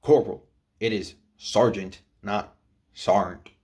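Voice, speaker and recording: A strict, short-fused male Marine sergeant barks orders in a deep, low voice, as a man reads him out. He snaps at his squad, rigid about rules and quick to anger. He sounds like a figure in a military story read aloud. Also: darkish tone. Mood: stern. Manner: barking orders.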